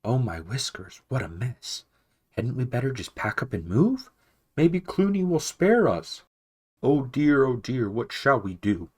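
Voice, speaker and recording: A man voicing a timid, fretful mouse who wails in a shrill, flustered way in a storybook reading. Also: sing-song, unhurried, darkish tone, slightly rough. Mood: panicked.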